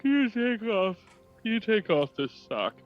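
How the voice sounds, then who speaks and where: A man's voice: high voice, sing-song, moderate pace, dull audio, soft background music. A man playing a tabletop game in a playful way, often laughing. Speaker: player. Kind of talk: casual tabletop play.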